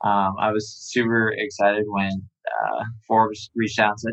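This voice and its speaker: A startup founder talking casually in an interview, relaxed and rambling, with many fillers. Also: male voice, lowish voice, normal speed, muffled recording. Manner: relaxed, filler-heavy, lots of "um" and "like".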